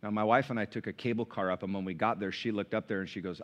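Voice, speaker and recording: A middle-aged man preaching a sermon as pastor, conversational and animated, with sudden high bursts. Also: quick pace. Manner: animated, conversational, sings hymn lines.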